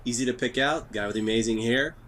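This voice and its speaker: A man from Texas hosting a podcast, hyped up, fast-talking and joking. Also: medium pitch, fairly bright tone, a little hiss or hum. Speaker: podcast host. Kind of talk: casual chat.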